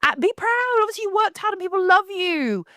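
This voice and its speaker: A young woman, hosting her own podcast in a blunt, animated, casual monologue with frequent restarts. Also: very high voice, a little fast, dry recording, studio quality.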